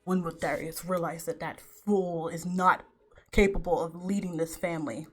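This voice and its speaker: A woman's voice: fairly low pitch, steady tone, normal speed, slightly rough, faint music behind, pitched below the performer's own voice. A woman voicing a haughty old grandfather. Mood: scornful. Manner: scoffing, cold and commanding. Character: stern, haughty old male noble grandfather.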